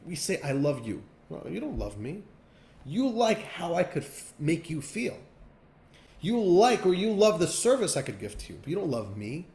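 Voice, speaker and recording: A man teaching a class as a rabbi, speaking in an expressive, emphatic style. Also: high voice, normal speed, roomy sound. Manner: expressive, emphatic, pacing changes often. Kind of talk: animated lesson with storytelling.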